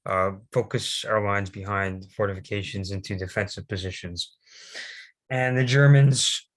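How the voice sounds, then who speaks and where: A young man presenting history slides off the cuff, halting often with fillers and restarts. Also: on the low side, a bit bright.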